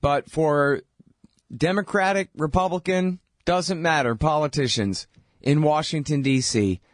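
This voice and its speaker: A man's voice: a little high, measured pace, no room sound, studio quality. A man hosting a radio show, delivering sarcastic, mocking political commentary.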